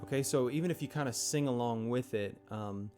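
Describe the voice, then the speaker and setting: A man's voice: medium pitch, brisk. A man giving a piano lesson, counting beats and singing rhythms in an easy, chatty way. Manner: relaxed, with many fillers and check-ins. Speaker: piano teacher. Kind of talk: casual instruction. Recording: loud piano alongside the voice. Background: piano playing.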